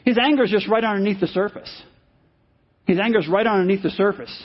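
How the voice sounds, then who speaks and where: A man's voice: high-pitched, fairly quick, slightly rough. A male pastor preaching a sermon, emphatic and repeating his key phrases. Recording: dull lo-fi sermon recording.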